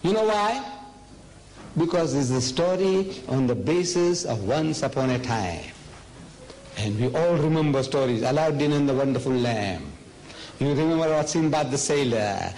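With a darkish tone, an older man with a South African accent gives a forceful public talk about religion. Rhetorical questions fill his speech, his voice occasionally falls to a low murmur, and the recording is rough.

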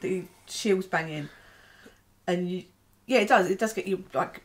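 A woman's voice: fairly low pitch, measured pace. A woman co-hosting a podcast, chatting casually about music with trailing sentences. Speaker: podcast co-host. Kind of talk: casual album review chat.

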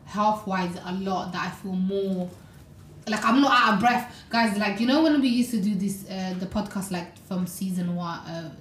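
A woman's voice: mid-range voice, moderate pace, slight background noise. Chatty woman in an echoey room. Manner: animated storytelling with many "like"s and "you know"s. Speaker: podcast co-host. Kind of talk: casual podcast chat.

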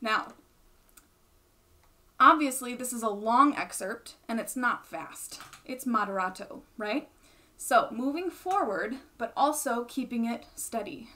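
Brief: young female music teacher, slightly high voice, patient explanatory delivery. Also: sharp tone. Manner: patient, explanatory, checks in with "right?". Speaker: bassoon teacher. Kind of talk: instructional explanation.

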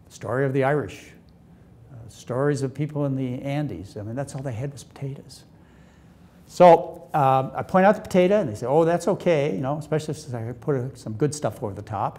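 An older man, a physician, speaking emphatically and persuasively in a documentary interview. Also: on the high side. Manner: emphatic, persuasive, animated delivery.

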